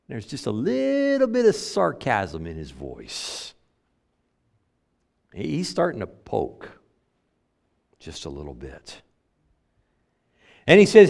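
Animated conversational male preacher. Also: fairly high pitch, creaky. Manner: conversational preaching, acts out quoted voices, sometimes halting. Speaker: pastor. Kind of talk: sermon.

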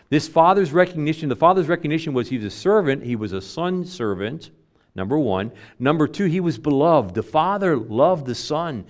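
Man, pastor, sermon, middle pitch, dramatic loud-soft preaching. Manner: preaching with big swings between loud emphasis and soft, low asides.

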